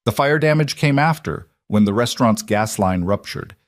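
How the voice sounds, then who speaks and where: A man voicing a male coroner who speaks gently and matter-of-factly. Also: medium pitch, lively intonation, moderate pace, no room sound, studio quality, natural voice. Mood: somber.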